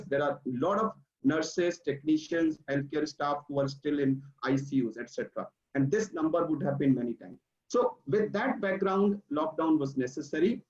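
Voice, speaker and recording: Doctor, high voice, roomy distant audio. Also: male voice, darkish tone. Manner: measured, enumerating points. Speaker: doctor speaking as a panelist. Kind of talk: webinar panel remarks. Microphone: video call. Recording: roomy, distant, muffled video-call audio.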